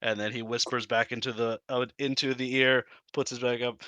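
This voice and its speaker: A man's voice: medium pitch, level tone, fairly quick, sharp tone, no room sound, muffled recording. A man narrating as game master in a casual, descriptive way with many fillers.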